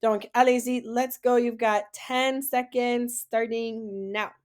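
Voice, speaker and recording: A woman French teacher leading a classroom-style lesson, saying words slowly for students to repeat and praising their answers. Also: on the high side, steady tone, darkish tone. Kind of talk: classroom lesson, slow model pronunciation.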